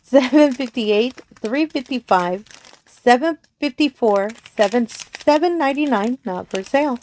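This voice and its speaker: A woman's voice: a little high, lively intonation, unhurried, darkish tone, a little hiss or hum. Giggly woman gushing over crafts. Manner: giggly, gushing, apologizes often. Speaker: crafting channel host. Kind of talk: casual unboxing narration. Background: crinkling plastic packaging.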